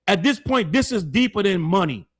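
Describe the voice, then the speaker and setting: A man hosts his own commentary show, talking straight to his audience in a blunt, heated way. His voice sits high for a man. He leans on slang and keeps hammering the same point home. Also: big pitch swings, normal speed, breathy edge. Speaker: show host. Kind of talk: opinionated commentary to camera.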